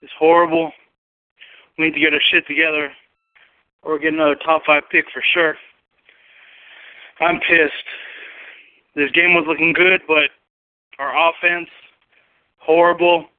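A man's voice: a little high, level tone, normal speed, pauses often, clear, resonant tone, no room sound. A man calling a sports show, furious and swearing, repeating how pissed he is. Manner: furious, profane, repetitive. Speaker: caller. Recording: tinny phone line.

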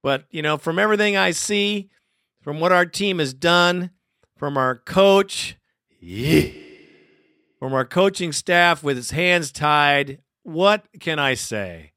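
A man's voice: a little high, takes it slowly, pushed and bright, no room sound, clean studio sound. A man hosting a sports fan podcast, talking in an emotional, rambling way and laughing often. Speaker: podcast host. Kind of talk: casual fan podcast commentary.

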